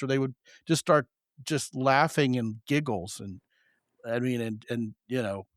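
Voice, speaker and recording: A man hosting a podcast, telling stories in a joking, animated way. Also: mid-range voice, moderate pace, no echo, clean studio sound. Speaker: podcast host. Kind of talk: casual podcast conversation.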